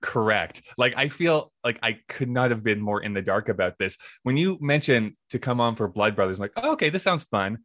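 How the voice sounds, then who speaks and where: A man guesting on a podcast in casual chat, easygoing and quick to laugh. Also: medium pitch, animated, fairly bright tone, no room sound, studio quality.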